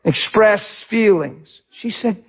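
A middle-aged male pastor preaching a sermon with passion, swinging from shouts to quiet, heartfelt talk. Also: sits high, animated, takes it slowly, husky.

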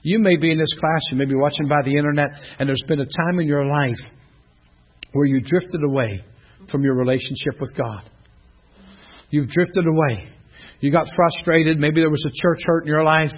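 A middle-aged man, a pastor teaching a class in a church room, telling stories in an animated way and often laughing. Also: on the high side, moderate pace. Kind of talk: preaching to a class. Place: church classroom, streamed online.

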